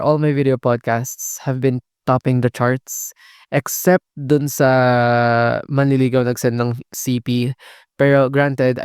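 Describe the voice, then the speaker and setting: Gravelly, smooth-voiced Filipino guy. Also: medium pitch, darkish tone, dry recording, clean studio sound. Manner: Taglish code-switching, rambling with fillers and swearing. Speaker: podcast host. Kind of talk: casual solo podcast chat. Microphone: podcast mic, audio only.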